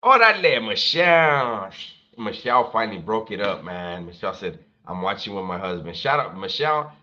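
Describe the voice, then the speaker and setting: A man's voice: on the low side, big pitch swings, normal speed, bright, forceful tone, highs cut off. A man hosting a livestream, chatting casually and straight to his viewers, full of slang and swearing. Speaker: livestream host.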